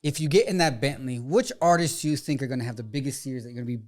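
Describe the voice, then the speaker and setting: A man's voice: medium pitch, animated, very fast. A man co-hosting a podcast in casual chat, telling stories in an easygoing way and swearing casually. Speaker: podcast co-host.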